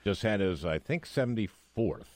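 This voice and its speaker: An older man hosts a casual interview in a low voice that swings widely in pitch. He chats loosely, cutting in to prompt his guest. The recording is dry and close. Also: animated, moderate pace, no echo. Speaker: podcast host.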